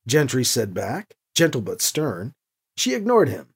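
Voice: moderate pace, breathy edge. An audiobook narrator reading a story aloud and giving each character a voice of their own. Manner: lively, voices each character with shifts in pitch.

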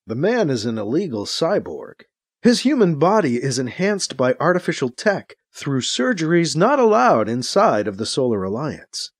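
A man narrating a science fiction audiobook in a dramatic, expressive reading. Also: on the high side, normal speed, dry recording, studio quality. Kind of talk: audiobook narration, acting out scenes.

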